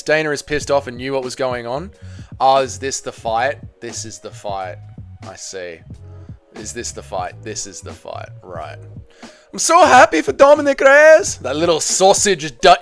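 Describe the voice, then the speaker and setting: A man's voice: mid-range voice, fairly bright tone. A man hosting a live MMA reaction stream, chatting loosely with viewers and swearing freely.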